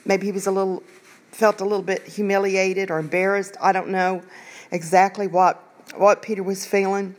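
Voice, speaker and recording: A woman's voice: mid-range voice, little pitch movement, normal speed. A woman preaching an informal Bible devotional, earnest and conversational, with rambling asides as she reads and explains scripture. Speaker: online preacher.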